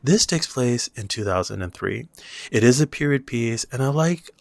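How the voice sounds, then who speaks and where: A man's voice: medium pitch, animated, moderate pace, gravelly, dry recording. A man giving a casual, wry movie review with a sarcastic edge.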